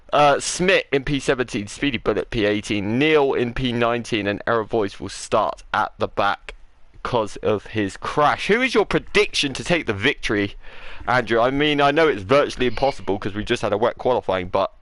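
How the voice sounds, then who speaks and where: A man commentating an online racing league qualifying session, excitable and rising to shouts when lap times come in. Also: medium pitch, no echo. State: out of breath. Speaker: lead commentator. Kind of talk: esports race commentary.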